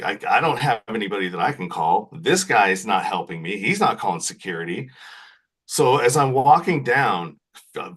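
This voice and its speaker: A man's voice: on the low side, breathy edge. A man as a podcast guest, telling a long story in casual chat and often tagging his sentences with "right?". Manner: animated, repeats "right?" often.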